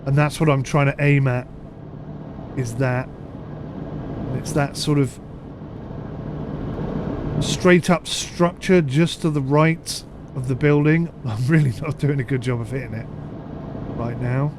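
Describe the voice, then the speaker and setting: A man's voice: mid-range voice, fairly even intonation, unhurried, long pauses, noisy background. A man with a mixed southern English accent giving chatty, rambling live commentary over a ship simulator and answering his chat. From United Kingdom. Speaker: streamer.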